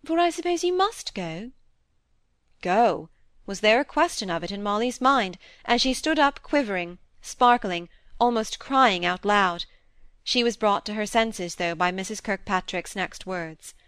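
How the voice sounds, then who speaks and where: A woman reading a classic novel aloud in a measured, expressive narration, recorded close to the mic. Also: mid-range voice, clean tone, no echo. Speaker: audiobook narrator. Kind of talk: scripted narration.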